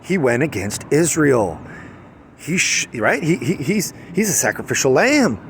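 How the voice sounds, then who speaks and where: A man's voice: fairly high pitch, sing-song, unhurried, a little hiss or hum. A man venting in a casual vlog outdoors, heated and rambling, full of restarts and rhetorical questions. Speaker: vlogger.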